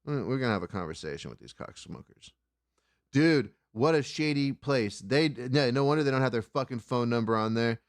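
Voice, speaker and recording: A man's voice: mid-range voice, a little fast, no room sound, studio quality. Profane rambling man. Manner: profane, rambling, excitable storyteller. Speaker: comedy podcast guest. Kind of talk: casual storytelling chat.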